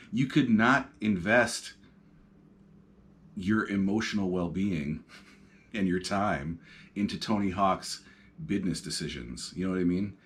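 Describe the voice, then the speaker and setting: Low-voiced man musing casually. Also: unhurried, long pauses, slight background noise. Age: 30s. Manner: rambling, reflective, lots of fillers. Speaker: podcast host. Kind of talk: casual solo talk. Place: on his couch at home.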